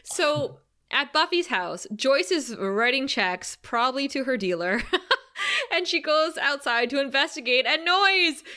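A woman co-hosting a podcast in casual chat, animated and acting out scenes as she recaps them. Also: high-pitched, a little slow. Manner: animated, quotes scenes in character voices. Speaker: podcast co-host.

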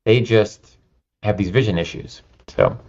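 A man's voice: fairly low pitch, measured pace, gravelly. Guy telling a story in a podcast interview, lots of "you know", slightly dull lo-fi sound. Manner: animated anecdotes, many fillers and restarts. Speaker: nonprofit founder and guest.

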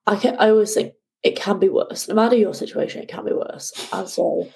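A woman, a guest telling her ocean rowing story in a lively conversational way. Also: medium pitch, a little fast, creaky, rough recording. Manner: animated, acts out shouting at the sea.

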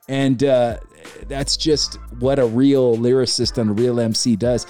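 Male podcast host, loose excited rambler, mid pitch, light music bed. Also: a little slow. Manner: excited, rambling, swears freely. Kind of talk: casual chat about hip hop.

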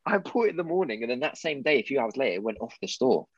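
A man co-hosting a gaming podcast, jokey and quick to laugh. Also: medium pitch, breathy edge, no echo. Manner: laughs often, lively and jokey. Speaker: podcast co-host. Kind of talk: casual gaming podcast chat. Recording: dull, slightly lo-fi sound.

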